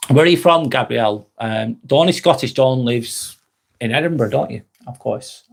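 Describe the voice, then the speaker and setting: A man's voice: mid-range voice, moderate pace, gravelly. Friendly Lancashire man in his forties. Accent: Lancashire, near Manchester. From Northwest England. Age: 40s. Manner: reads viewer comments aloud and answers each by name, friendly and reflective. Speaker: live vlog host. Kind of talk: casual live-stream chat.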